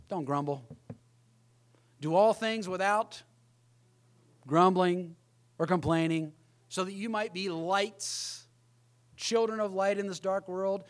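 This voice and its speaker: A man's voice: high voice, slow, long pauses. A middle-aged man preaching a sermon as pastor, emphatic, often acting out the voices of others.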